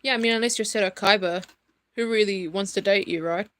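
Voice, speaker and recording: Woman co-host, casual chat, teasing tone, mid pitch. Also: a little fast, a bit bright. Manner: teasing, asks questions.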